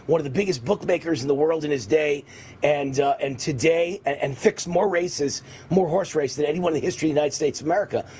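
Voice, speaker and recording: A man hosting a political talk show, delivering an emphatic, repetitive monologue in a raspy voice. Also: a little high, fast, darkish tone, a little hiss or hum. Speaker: radio and TV host.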